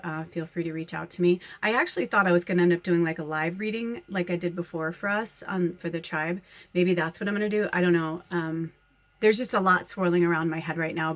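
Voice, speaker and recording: A woman's voice: fairly low pitch, dry recording. A woman medium talking casually to her followers, rambling and chatty, often breaking into laughter. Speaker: spiritual medium and channel host.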